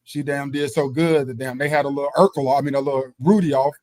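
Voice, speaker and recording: A man guesting on a podcast, telling lively stories, swearing casually and acting out quotes loudly. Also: mid-range voice, quick pace, no echo. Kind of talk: casual storytelling chat.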